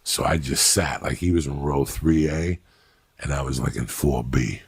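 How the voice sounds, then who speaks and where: A man's voice: rumbling low, moderate pace, breathy edge, no room sound. A middle-aged man telling blunt, profane stories in casual podcast chat, acting out what he said. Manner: profane, blunt and animated, acting out his own quotes. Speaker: storyteller on a podcast.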